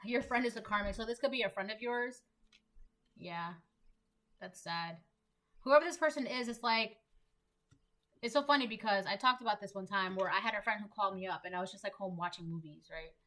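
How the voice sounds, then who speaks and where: A woman's voice: mid-range voice, a little fast, pauses often, fairly bright tone. A young woman giving a casual collective tarot reading, emphatic and repetitive, full of "like". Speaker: tarot reader.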